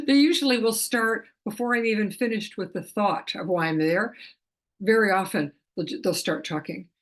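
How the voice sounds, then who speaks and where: A middle-aged woman describes her job as an animal communicator in a relaxed, chatty talk to camera. Her voice is medium-pitched at a normal speed, and she frequently restarts and laughs softly.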